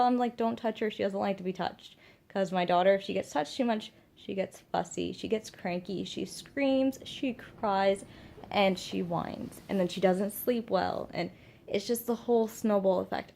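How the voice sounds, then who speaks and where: A woman's voice: mid-range voice, creaky, a little mellow. A young woman and mother talking to the camera in a casual vlog, earnest and emphatic, repeating her points for stress. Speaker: mother vlogging about parenting.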